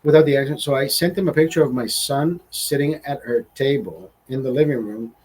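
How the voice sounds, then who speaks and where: A young man hosting a livestream, telling a rambling, profane story in a casual, animated way. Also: mid-range voice, a little fast, slightly rough. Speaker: livestream host.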